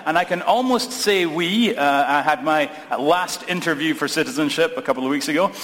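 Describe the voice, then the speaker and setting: A man's voice: on the high side, normal speed, fairly bright tone. A man with a Scottish accent, a pastor giving a sermon in a conversational, lightly humorous way. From Scotland. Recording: long reverb of a large hall.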